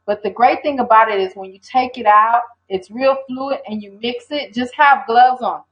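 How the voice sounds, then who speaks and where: A woman's voice: on the high side, moderate pace, fairly bright tone. An older woman hosting a casual livestream, talking in a rambling, hesitant way and answering viewers. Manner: rambling, hesitant, reads viewer comments aloud. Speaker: livestream host. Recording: dull lo-fi stream audio.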